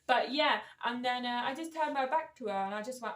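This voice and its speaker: Young woman, rapid slangy vlog chat, roomy echo, off-mic. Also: on the high side, far from the mic. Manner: animated storytelling, slangy, quotes people. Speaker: vlogger. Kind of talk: casual chat.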